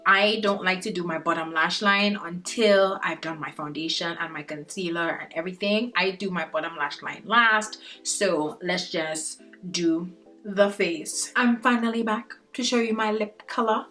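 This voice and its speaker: A woman's voice: mid-range voice, fairly bright tone. Young woman, beauty vlogger, casual chatty tutorial talk, playful, faint music behind. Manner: chatty, playful, addresses viewers as guys and sis. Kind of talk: casual makeup tutorial chat.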